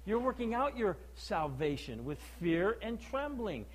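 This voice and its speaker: A man delivers a sermon in a high, lifted voice. He leans hard on his points and keeps asking the listeners rhetorical questions. He shifts between loud declaiming and hushed, heavy stress. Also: big pitch swings, a little slow, breathy edge, low-quality recording. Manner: emphatic, preaching with rhetorical questions; swings from loud declaiming to low, quiet stress. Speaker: preacher.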